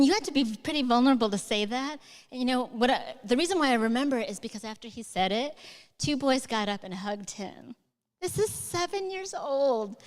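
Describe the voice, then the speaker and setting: A woman's voice: fairly high pitch, long reverb tail. A woman author answering audience questions at a live event, talking in an enthusiastic, chatty way with lots of fillers. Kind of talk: live onstage conversation.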